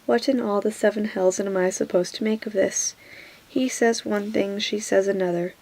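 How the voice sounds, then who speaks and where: A woman voicing a gruff, irritable king in a whispered role-play. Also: medium pitch, fairly even intonation, normal speed, lightly acted, poor audio. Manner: soft whisper.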